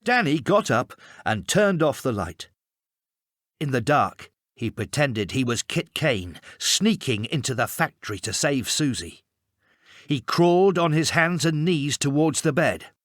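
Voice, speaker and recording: Slow, expressive male storybook reader. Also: mid-range voice, no echo, clean studio sound. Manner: expressive, measured. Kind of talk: storybook narration.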